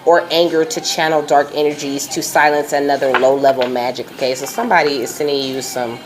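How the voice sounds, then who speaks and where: A woman's voice: low-pitched, steady tone, brisk, noisy background. A woman giving a casual tarot reading, chatty and slangy, laughing often. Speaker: tarot reader.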